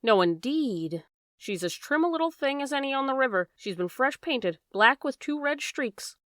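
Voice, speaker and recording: Lady reading a fretful chatty boatman's wife, bit higher, smooth dry voice, audiobook. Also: animated, normal speed, a bit bright, dry recording. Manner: chatty, plain-spoken, dropped endings. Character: worried working-class London boatman's wife, middle-aged.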